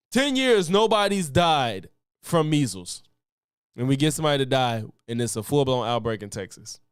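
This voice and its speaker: A man streaming commentary on news clips, ranting in a profane, animated way and laughing between points. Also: medium pitch, moderate pace, clean tone, no echo, clean studio sound.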